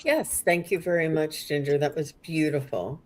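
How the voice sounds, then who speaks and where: Low-voiced chatty woman hosting a card reading. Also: normal speed, background noise. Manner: chatty, gushing, stumbles over names. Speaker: host, psychic card reader. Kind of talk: casual livestream card reading.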